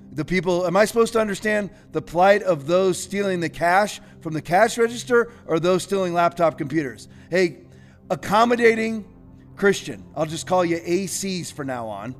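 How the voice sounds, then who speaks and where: A man with a notably high voice delivers opinionated commentary as a show host. He is sarcastic and fiery, breaking into sudden loud outbursts between stretches of mocking asides.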